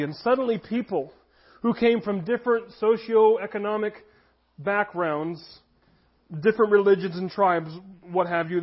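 A man in his thirties preaching a sermon in a conversational way, now and then acting out little scenes from his stories. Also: high voice. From United States. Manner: conversational preaching, shifts into voiced anecdotes. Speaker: pastor. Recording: dull lo-fi audio.

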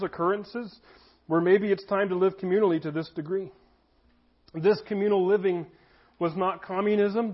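A man's voice: sits high, slightly rough. A man in his thirties preaching a sermon in a conversational way, now and then acting out little scenes from his stories. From United States. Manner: conversational preaching, shifts into voiced anecdotes. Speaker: pastor. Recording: dull lo-fi audio.

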